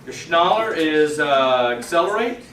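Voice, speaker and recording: A man leading a class, reading a vocabulary list aloud in a halting way, with many filler sounds and pleas to the class for help. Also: a little high, lively intonation, fairly bright tone, slight background noise. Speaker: class leader. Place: classroom with a group of students. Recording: roomy class recording from far off, with a crowd behind.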